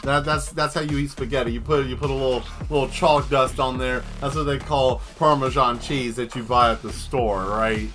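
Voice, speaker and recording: Bright-voiced man ranting on a stream. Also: medium pitch, steady tone, moderate pace, few pauses, faint music behind. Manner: joking, rambling, breaks into laughter. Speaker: livestreaming artist. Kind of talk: casual livestream rant.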